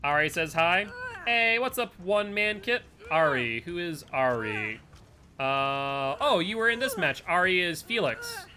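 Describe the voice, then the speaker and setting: A man's voice: high voice, very animated, unhurried, bright, forceful tone. A man with a Northeastern US accent, streaming a game live and rambling to chat between plays. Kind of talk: live gameplay commentary and chat.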